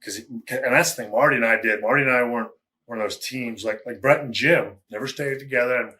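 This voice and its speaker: A man's voice: medium pitch, fast talker, bright, forceful tone. A man as an interview guest, telling stories in a candid, rambling way with chuckles and plenty of fillers. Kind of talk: casual storytelling interview.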